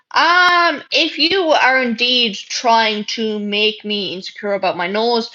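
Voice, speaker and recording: A young woman from Ireland, her voice on the high side and fairly bright, chats casually on a livestream. She reads comments out and answers with blunt sarcasm and a lot of swearing, recorded in dull lo-fi stream audio.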